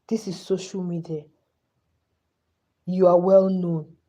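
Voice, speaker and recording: Nigerian lady ranting on her live stream, worked up and begging, dark mellow tone. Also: on the low side, little pitch movement, takes it slowly, lo-fi sound. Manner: impassioned, pleading.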